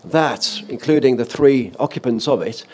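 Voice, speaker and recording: An older man, a former offshore radio presenter, recounting a stormy night at sea in animated anecdotal style, with laughs and restarts. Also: medium pitch, normal speed. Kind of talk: storytelling in a panel talk. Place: event stage or hall.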